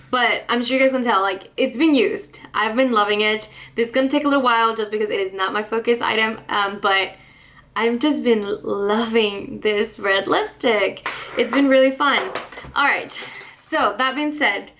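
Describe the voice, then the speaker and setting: A woman's voice: a little high, a bit bright, slight background noise. Chatty woman vlogging about makeup. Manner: chatty, laughs often, fillers and asides. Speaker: beauty vlogger. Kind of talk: casual chat to camera.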